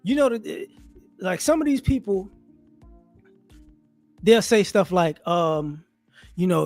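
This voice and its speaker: A man giving casual monologue commentary as an online commentator, animated and rhetorical, often restarting his sentences. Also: high-pitched, slow, long pauses, faint music behind.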